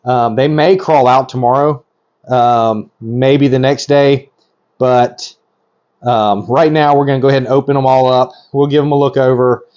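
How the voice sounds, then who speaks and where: A middle-aged man talks eagerly as host of his own vlog, in a voice of ordinary middle pitch. He rambles and cuts himself off mid-thought. The audio is a bit dull and lo-fi. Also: moderate pace. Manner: excitable, rambling, self-interrupting. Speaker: reptile breeder host. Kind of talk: hands-on vlog commentary.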